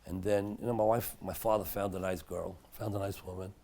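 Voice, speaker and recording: A middle-aged man, a rabbi, teaching a Torah class in a synagogue study hall in a chatty, anecdotal way, dropping to a hush at dramatic moments of his stories. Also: sits low, fairly even intonation, brisk, creaky, noisy background. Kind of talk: storytelling Torah lecture.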